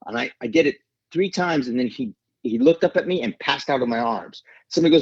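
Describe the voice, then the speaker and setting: A middle-aged man, an actor, telling an emotional story in an interview, earnest and halting, with many restarts. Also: medium pitch, breathy edge, no room sound. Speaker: actor guest. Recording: dull lo-fi sound.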